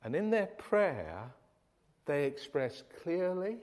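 High-voiced preacher in a reverberant hall. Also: male voice, big pitch swings, slow pace, darkish tone. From United Kingdom. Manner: earnest, emphatic, with frequent restarts. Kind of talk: sermon.

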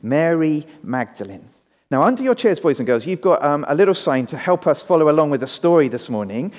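Male family-service pastor, lively, slightly high voice, long church reverb. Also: a little fast. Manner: lively, addresses children and adults. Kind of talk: family Easter sermon.

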